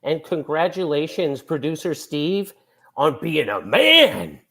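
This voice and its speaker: A man calling in to a talk show, friendly and relaxed, pausing with fillers. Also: fairly high pitch. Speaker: caller. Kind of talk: casual call-in chat.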